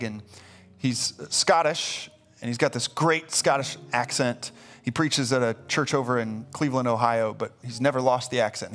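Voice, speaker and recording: A man preaching a sermon as pastor, emphatic and repeating himself as he builds. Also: medium pitch. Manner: emphatic, repeats words when excited. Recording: live church stream with faint music.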